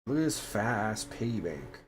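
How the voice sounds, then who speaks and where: A man's voice: fairly low pitch, big pitch swings, normal speed, slight background noise. A male streamer chatting casually to himself as he decorates a game room, with mumbled asides and mock-annoyed grumbling. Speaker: VTuber streamer.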